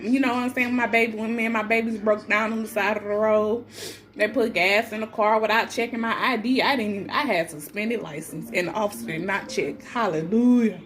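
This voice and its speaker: A pregnant woman with a fairly high, fairly bright voice tells her story in casual first-person talk, with a little hiss or hum on the recording. She's blunt and defiant, swears freely, and imitates others' lines in changed voices.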